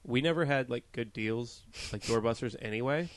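A man's voice: medium pitch, moderate pace, crowd noise. A young man co-hosting a podcast, chatting casually in a rambling, self-deprecating way with the odd swear. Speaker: podcast co-host. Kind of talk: casual chat.

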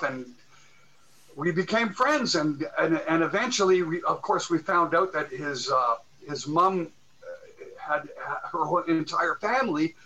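A man's voice: a little high, creaky, bright, forceful tone, slight background noise, rough recording. A man in his sixties telling a long, profane, rambling story with lots of restarts. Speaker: guest musician. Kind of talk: casual storytelling.

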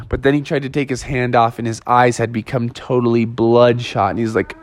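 A man telling a playful children's story with animated, lively narration. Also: mid-range voice, normal speed, few pauses, no echo.

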